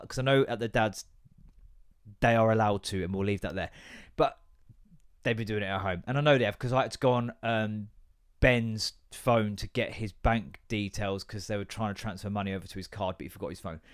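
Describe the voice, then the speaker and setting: A man's voice: lowish voice, fairly even intonation, fairly quick, clean tone. A man hosting a podcast, ranting in a casual, sweary way and acting out both sides of remembered conversations. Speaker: podcast host.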